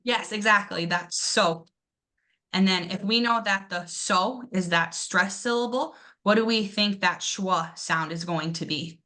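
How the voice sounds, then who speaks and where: A woman's voice: mid-range voice, unhurried, sharp tone. Encouraging woman teaching pronunciation. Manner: encouraging, exaggerates syllables to demonstrate. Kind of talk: classroom English pronunciation lesson.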